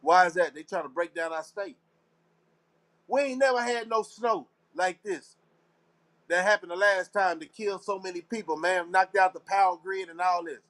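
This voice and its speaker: A Texan man hosts a casual live talk show, rambling to listeners in a slangy, preachy, conspiratorial manner and repeating phrases. His voice is high and a bit bright, at a moderate pace.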